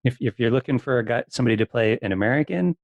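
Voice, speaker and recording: A man's voice: mid-range voice, expressive, rapid-fire, dry recording, lo-fi sound. A man hosting an interview, giving brief affirmations and asking short direct questions. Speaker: podcast host.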